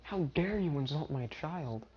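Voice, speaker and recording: A man's voice: a little high, animated, unhurried, a little hiss or hum, pitched above the performer's own voice. A man voicing a confident, protective young male hero who talks in a brash, teasing way, on a dull lo-fi recording.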